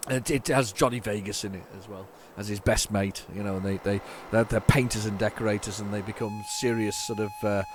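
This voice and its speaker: A man's voice: on the low side, fairly even intonation, a little fast, hardly any pauses, noisy background. A man hosting a retro gaming video, chatting casually and rambling through his commentary with many fillers and restarts.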